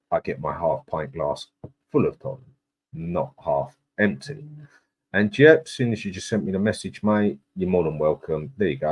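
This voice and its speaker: Deep-voiced man hosting a live stream. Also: darkish tone, slightly rough. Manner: chatty, matey, greets viewers with "big up". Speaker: livestream host. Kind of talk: casual live chat, reading out viewer comments.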